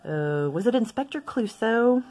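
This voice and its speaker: A woman chatting casually as she swatches inks for her video, rambling into asides and gently poking fun at herself. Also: on the high side, animated, measured pace, soft background music. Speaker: stationery vlogger.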